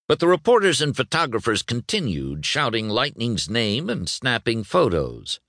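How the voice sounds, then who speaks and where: A man reading a children's novel aloud, expressive and voicing every character. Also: medium pitch, moderate pace, few pauses, no echo, studio quality. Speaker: audiobook narrator. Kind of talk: scripted storybook narration.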